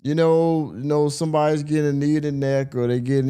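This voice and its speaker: A man's voice: mid-range voice, a little fast, hardly any pauses, mellow, clean tone. A man hosting a podcast, giving casual reaction commentary in a rambling way, full of fillers. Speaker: podcast host.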